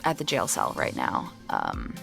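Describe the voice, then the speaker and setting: A woman's voice: a bass voice, huge pitch swings, measured pace, gravelly, a bit bright, faint music behind. A woman running a tabletop role-playing game as game master, narrating in a rambling way with lots of fillers and restarts. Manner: rambling with many fillers and restarts, searching for words.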